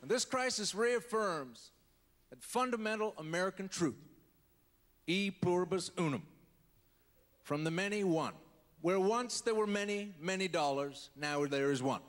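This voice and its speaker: Man impersonating a stately male president, high-pitched voice, long hall reverb, deliberate pauses. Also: lively intonation, fairly bright tone. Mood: solemn. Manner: slow deliberate speech-making with pauses. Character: impression of a male US president, measured orator. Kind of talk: stand-up impression. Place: live comedy festival stage. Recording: hall reverb, faint crowd ambience.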